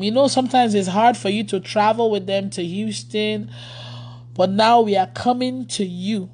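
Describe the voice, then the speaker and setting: Woman pastor, chatty and informal, mid-pitched, laughs often, answers viewer comments. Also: moderate pace, darkish tone, a little hiss or hum. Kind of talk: casual livestream chat with followers.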